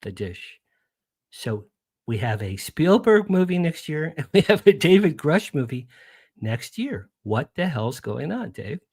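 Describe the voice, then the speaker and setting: A man's voice: a little high, big pitch swings, a little slow, a little mellow, husky, no echo, clean studio sound. A man speaking as a guest on a radio show, chatty and enthusiastic, rambling with restarts. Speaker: guest, publicist. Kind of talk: casual radio interview chat.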